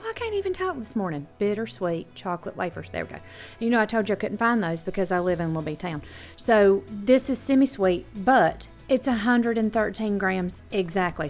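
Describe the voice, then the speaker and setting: A woman's voice: medium pitch, a little mellow. A woman with a Southern American accent hosting a casual cooking demonstration in her home kitchen, chatting to viewers in a homey way and checking in with them often. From Southern United States. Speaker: cooking show host.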